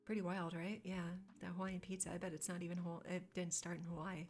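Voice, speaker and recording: Woman, lowish pitch, gravelly, casual streamer chat, faint background music. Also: level tone, brisk, darkish tone. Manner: chatty, reads and answers chat, squeamish asides.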